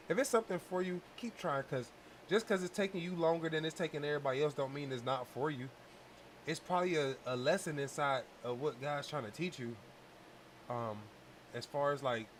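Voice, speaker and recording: A man's voice: a little high, a little hiss or hum. Slangy man telling stories casually. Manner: loose slangy storytelling, animated retellings. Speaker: podcast host. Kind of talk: casual storytelling talk.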